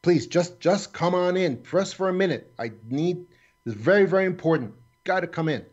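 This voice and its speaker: A man's voice: a little high, moderate pace, darkish tone, muffled recording, soft background music, voice pushed up, close to an everyday voice. A man voicing a frantic, sinister man who keeps urgently coaxing someone to come inside. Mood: urgent pleading. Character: frantic pleading middle-aged man, sinister.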